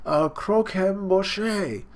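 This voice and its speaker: A man reading comic dialogue aloud, voicing a giant gluttonous old woman pirate queen who shouts demands and stretches her words. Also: high voice, drawn-out words, voice pushed up, full character voice. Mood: ravenous, furious.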